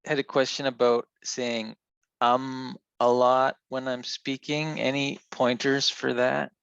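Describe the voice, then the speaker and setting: A man's voice: medium pitch, level tone, slow, gravelly, fairly bright tone, smooth, no room sound. A man taking part in an online group session, eagerly asking brief questions. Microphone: video call. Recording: dull dry video call audio.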